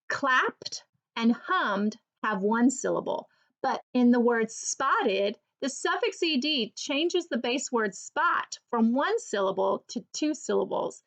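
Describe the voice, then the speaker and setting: A woman teacher giving an early reading lesson for children, slowly and clearly sounding out each word. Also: on the high side, a bit bright.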